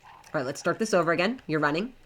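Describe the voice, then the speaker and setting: A woman's voice: fairly low pitch, expressive, fast, fairly bright tone. A young woman streaming a game live, chatting to herself and her in-game pets in a flustered, talkative way. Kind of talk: live gameplay commentary.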